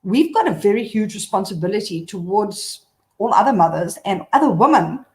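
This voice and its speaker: A woman's voice: medium pitch, big pitch swings, normal speed. A woman blogger as a guest on a casual live video chat, talking candidly in a rambling way with many fillers. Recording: echoey room.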